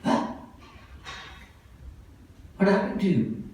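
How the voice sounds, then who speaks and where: A man's voice: slow, a little mellow, natural voice. A holy man asks short, pointed questions with his voice lifted, as a storytelling monk puts him on. The sound is very echoey and distant, with a faint room hum behind it. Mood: puzzled. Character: calm holy man questioning a weeping bandit. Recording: echoey hall, voice from far off.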